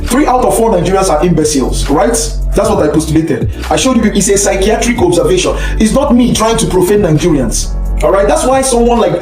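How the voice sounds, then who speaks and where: High, swooping ranting man, echoey. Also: animated, a little fast, darkish tone, soft background music. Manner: mocking, bursts into scornful laughter. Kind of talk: ranting online commentary.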